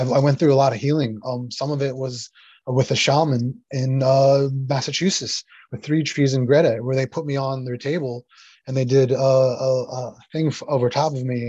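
A man speaks in a husky, breathy voice, stumbling through restarts and fillers as he holds back tears. His voice comes through a dry, slightly dull lo-fi recording, as on a video call. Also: mid-range voice, darkish tone, no echo. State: near tears. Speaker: interview guest, sound healer. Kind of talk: emotional personal story in casual conversation.

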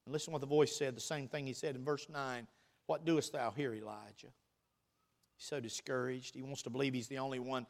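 A man preaching a sermon, reading scripture aloud and swinging between loud bursts and quiet, teasing asides. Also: medium pitch, little pitch movement, quick pace, few pauses.

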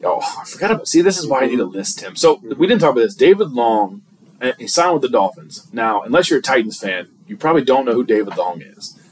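A man co-hosting a casual sports podcast, talking in an animated, rambling way and often restarting his sentences. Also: medium pitch, fast talker. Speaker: podcast co-host.

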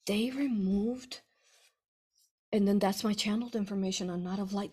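A woman author chatting casually with her audience in a rambling, effusive way, swinging between excitement and hushed earnestness. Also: mid-range voice, normal speed, husky. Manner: rambling and effusive, many fillers and restarts. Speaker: author answering reader questions. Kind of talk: casual livestream chat.

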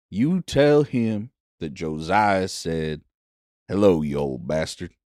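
A weary, kindly crocodile father with a very deep voice, speaking gently and in a folksy drawl in a tabletop game, as a man puts him on. The sound is dry and close, the pitch rising and falling freely. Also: no room sound. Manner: folksy, gentle, rural turns of phrase.

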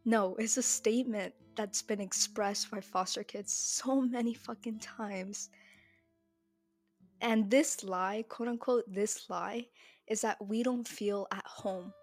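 Slow, heated young woman podcaster. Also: medium pitch, steady tone, darkish tone, no room sound, faint music behind. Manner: heated, blunt, swears freely. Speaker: podcast host. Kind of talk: solo podcast monologue.

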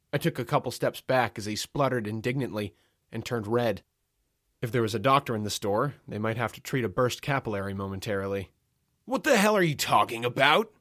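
A man narrating a comic first-person story in a wry, dry, deadpan manner. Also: medium pitch, no room sound.

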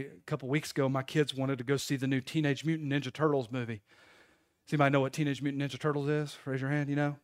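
A man's voice: mid-range voice, dry recording, studio quality. A man in his thirties, a pastor, preaching a sermon in a conversational storytelling way to his congregation.

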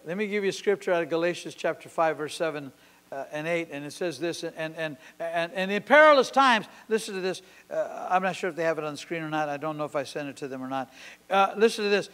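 A man's voice: on the high side, fairly quick. Impassioned older man preaching in a hall. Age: 60s. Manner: impassioned storytelling with sudden loud peaks and quiet drops. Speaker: pastor. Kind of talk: sermon. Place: church service. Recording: long hall reverb.

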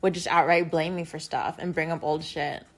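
A woman's voice: low-pitched, fairly even intonation, normal speed, faint music behind. Rambling young woman vlogger. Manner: rambling, many fillers. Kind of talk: confessional casual monologue.

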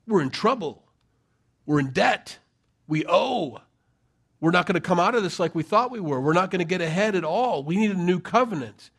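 A man's voice: high-pitched, animated, moderate pace, fairly bright tone, breathy edge. A middle-aged man preaching a sermon, conversational and emphatic, with rhetorical questions. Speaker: pastor.

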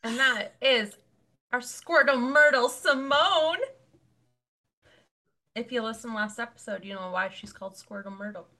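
A woman co-hosting a podcast with a bright, forward tone. She keeps the chat loose and casual, firing off crude jokes and teasing her co-host. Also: a little high, unhurried, long pauses.

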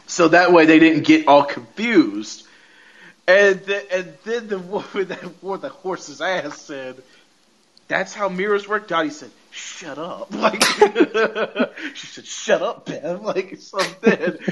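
A man's voice: high-pitched, dull audio. A man hosting a podcast, retelling a TV episode in casual chat, laughing often and quoting the characters. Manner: animated retelling with frequent laughter and quoted lines. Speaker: podcast host.

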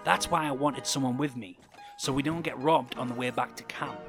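A man's voice: mid-range voice, steady tone, moderate pace, over music, natural voice. A man voicing a brash, condescending male outlaw who turns hot-tempered and frantic in danger. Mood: teasing. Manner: teasing drawl, turns to frantic shouting.

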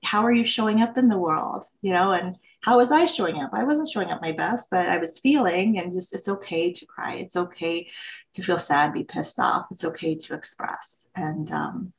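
A woman's voice: lowish voice, moderate pace, vocal fry, slight background noise, rough recording. A woman guest on a podcast, candidly sharing a personal story with emotion and acted-out quotes. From United States.

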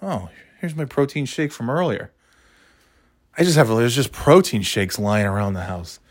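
A man's voice: medium pitch, expressive, moderate pace, no echo, clean studio sound. A man vlogging at home, talking in a rambling, self-deprecating, casually profane way. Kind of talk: casual monologue to camera. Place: at home in a living room.

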